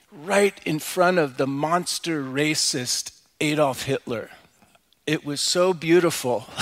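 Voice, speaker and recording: Man, middle-aged, pastor, sermon, chatty personal delivery, slightly raised pitch. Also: a bit bright. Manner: conversational and personal, frequent "you know" asides. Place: church sanctuary.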